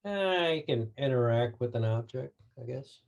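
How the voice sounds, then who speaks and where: A man narrating as game master in a tabletop game, relaxed and hesitant. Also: medium pitch, moderate pace, creaky.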